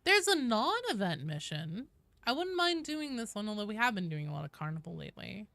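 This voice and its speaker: A woman's voice: medium pitch, sing-song, fairly quick, fairly bright tone, dry recording. A young woman with a West Coast American accent chatting casually and rambling while streaming a game, swearing now and then. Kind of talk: casual gaming livestream chat.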